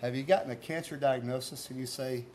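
Male pastor, earnest conversational sermon delivery, medium pitch, light background noise. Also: fairly even intonation, fairly quick, a little mellow. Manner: earnest, conversational preaching with rhetorical questions.

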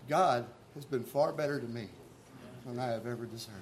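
A man's voice: medium pitch, moderate pace, a little hiss or hum. A man preaching a sermon as pastor, talking earnestly and conversationally and asking his listeners rhetorical questions.

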